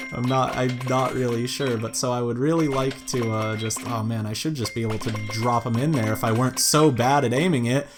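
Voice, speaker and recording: A man casually commentating a matchmaking game, reading characters aloud and reacting with amused chatter and sudden excited shouts. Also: medium pitch. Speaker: gameplay commentator. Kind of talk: let's play commentary.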